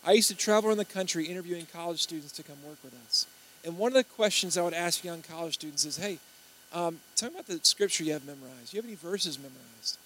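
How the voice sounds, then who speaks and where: A man's voice: a little high, fast, a bit bright, slight background noise, low-quality recording. A man preaching a sermon in a church, telling stories and acting out quoted voices. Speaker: pastor.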